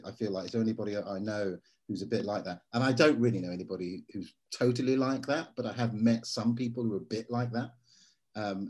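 A man, an actor being interviewed, telling stories in a lively way and slipping into voices for quotes. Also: on the low side. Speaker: actor guest. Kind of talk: casual interview.

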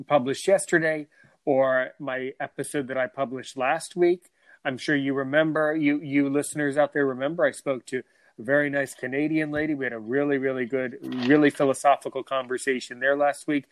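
A man hosts his podcast in loose, friendly chat, bursting with enthusiasm and tripping over his own words as he restarts sentence after sentence. His voice sits at an ordinary middle pitch. It is recorded dry and close, with no room sound. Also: no echo. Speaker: podcast host.

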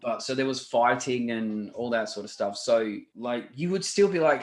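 A man chatting loosely on a podcast, rambling through restarts and fillers and swearing freely. His voice sits at a middling pitch. The room around him sounds roomy and echoey. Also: normal speed, few pauses. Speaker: podcast co-host. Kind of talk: casual podcast chat. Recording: roomy echo.

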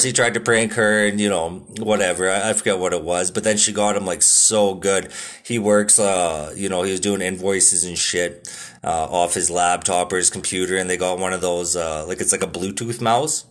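Laid-back swearing man, low voice. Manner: laid-back, swears a lot, lots of filler words. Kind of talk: casual monologue.

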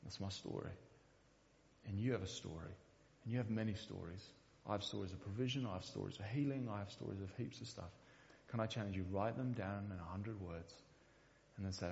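A man's voice: fairly low pitch, fairly quick, creaky, a little mellow, in a large hall, lo-fi sound, a little hiss or hum. A man preaching a sermon in a church, speaking earnestly and often repeating the first word of a sentence. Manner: earnest, repeats words when starting sentences. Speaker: pastor.

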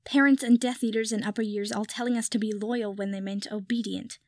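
A woman's voice: on the high side, fairly even intonation, fairly quick, a little mellow, natural voice. A woman reading aloud voices a tipsy, foul-mouthed young witch who talks bluntly. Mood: bitter. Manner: swears freely, blunt. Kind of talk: audiobook fan fiction reading.

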